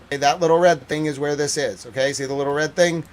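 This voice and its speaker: A man reporting on a war from a livestream, ranting in exasperation and then reading a measured formal report. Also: a little high, steady tone, a little hiss or hum. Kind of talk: livestream news commentary.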